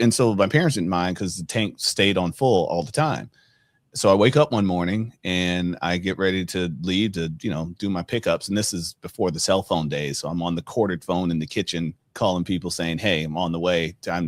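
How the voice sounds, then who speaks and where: Middle-aged podcast host guy, really low voice, dry close sound, chatty storytelling with lots of ums. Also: dry recording. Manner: conversational, many fillers, animated when retelling. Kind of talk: casual storytelling.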